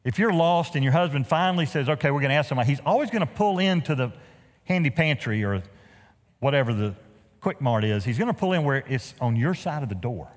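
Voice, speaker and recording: A pastor delivers a sermon fairly quickly in a medium-pitched voice that fills the large hall of a church sanctuary. He tells stories with animation, adding humorous asides along the way.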